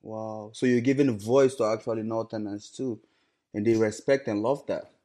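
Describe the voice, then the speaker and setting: A man's voice: fairly low pitch, steady tone, moderate pace, warm tone. A man hosting a casual interview, often repeating his guest's words and chiming in with agreement. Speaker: host.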